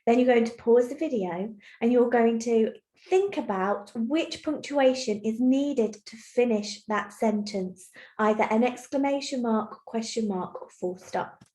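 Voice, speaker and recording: Teacher, female, fairly high voice, patient and clear with young kids, recorded on a computer mic in an echoey room. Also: a little slow, dark tone. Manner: clear, patient, encouraging explanation. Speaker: primary school teacher. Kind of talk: recorded online lesson for young children. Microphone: computer mic while screen sharing.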